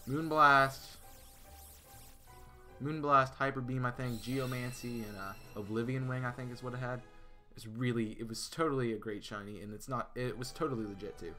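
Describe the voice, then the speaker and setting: A man's voice: mid-range voice, fairly even intonation, brisk, few pauses, soft background music. A man streaming a game live, chatting casually with his viewers, with lots of fillers and restarts. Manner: chatty, answers chat, many fillers and restarts.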